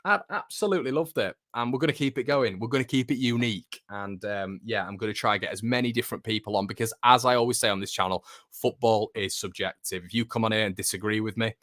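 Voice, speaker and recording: A man's voice: on the low side, steady tone, fast talker, hardly any pauses, fairly bright tone, no echo, studio quality. A young man hosting a fan phone-in, chatty and upbeat, with plenty of fillers. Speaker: host.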